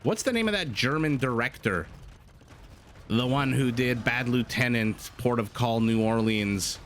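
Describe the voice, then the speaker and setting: A man casting a strategy game match as a tournament co-host, excitable and prone to rambling tangents. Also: mid-range voice, a little slow. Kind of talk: esports match commentary.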